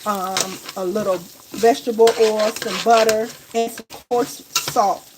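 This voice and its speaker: A woman's voice: mid-range voice, fairly even intonation, measured pace. A woman hosting a casual live cooking vlog in her home kitchen, chatting to viewers and calling them y'all and baby. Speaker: home cook and vlogger. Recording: kitchen recording with loud sizzling noise. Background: frying and sizzling in the pan.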